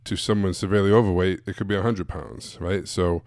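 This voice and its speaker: A sales coach with a low, dark-leaning voice and fairly even intonation speaks briskly in a live-streamed teaching session for other coaches. He is blunt and direct, asks rhetorical questions and repeats his points. The recording is dry and studio quality.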